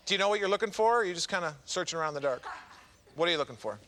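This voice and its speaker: A man's voice: high voice, animated, racing. A man hosting a dating game show in a TV studio, joking and teasing the contestants. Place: TV studio with audience. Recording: noisy studio with loud crowd.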